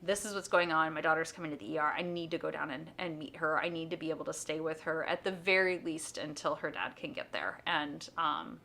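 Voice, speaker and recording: A woman's voice: low voice, a little fast, vocal fry, hardly any pauses, bright, forceful tone. A middle-aged woman, a homeschooling mom and nurse, telling a personal story in a casual vlog, chatty and full of fillers. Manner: chatty, with many fillers like "um" and "you know".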